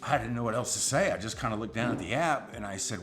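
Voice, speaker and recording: A middle-aged man, a rideshare driver, telling a personal story in an animated, suspenseful way. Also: mid-range voice, fast talker, hardly any pauses, soft background music.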